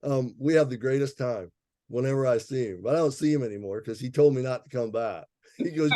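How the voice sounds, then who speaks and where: Mellow-voiced man telling a lively story. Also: medium pitch, fairly quick, dry recording, clean studio sound. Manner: animated storyteller, laughs often, acts out quoted voices. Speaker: guest, herbalist. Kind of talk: storytelling in a casual interview.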